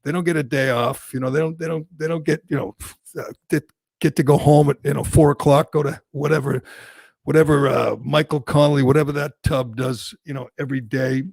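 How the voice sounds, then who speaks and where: A man hosts a talk show and rants in angry, mocking bursts. His gravelly voice sits a bit high. The sound is dry and close. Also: fairly even intonation, fairly quick, dry recording. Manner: angry, mocking, loud outbursts. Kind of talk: heated political talk radio rant.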